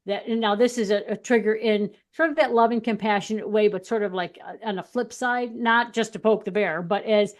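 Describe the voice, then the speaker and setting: A candid woman co-hosting a spiritual chat show, laughing easily as she tells stories. Her voice sits in an ordinary middle register, and she shifts readily between plain talk and lively retorts. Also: mid-range voice. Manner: candid, animated storytelling, quick laughs. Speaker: podcast co-host.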